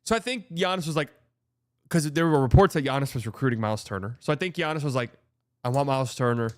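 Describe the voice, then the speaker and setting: A man's voice: a little high, animated, fast, no room sound, clean studio sound. A man hosting a casual sports commentary show, sarcastic and blunt, swearing freely. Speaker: host.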